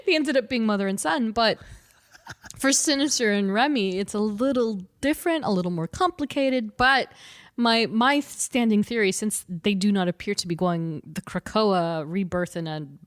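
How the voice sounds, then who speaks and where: Woman podcast co-host, casual and excitable, breaks into loud quoted bits; medium pitch. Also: moderate pace, no echo, clean studio sound. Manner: animated, laughs often, acts out quotes with loud outbursts. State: short on sleep. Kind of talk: casual chat.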